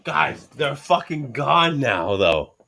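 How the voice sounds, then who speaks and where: Man, middle-aged, podcast host, casual banter, animated, profane, rambling. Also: medium pitch, slow pace, creaky. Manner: animated, heavy swearing, rambling storytelling.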